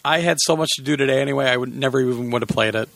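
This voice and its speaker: Gravelly man hosting a casual podcast. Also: mid-range voice, rapid-fire, a bit bright, no echo. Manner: laughing, loose and rambling. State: sore voice, sucking a lozenge. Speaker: podcast host.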